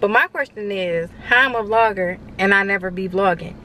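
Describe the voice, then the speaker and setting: A woman's voice: medium pitch, normal speed, pushed and bright. Young woman vloggin on her camera, chatty, keeps sayin y'all, bit of background noise. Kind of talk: casual vlog chat. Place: in her car, later at home. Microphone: handheld camera mic.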